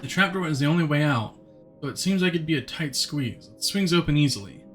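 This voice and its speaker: Soft music plays behind a man who is streaming a game live, talking with his chat and reading the on-screen text in a plain voice. He speaks a little high and a little fast, with a bit of brightness.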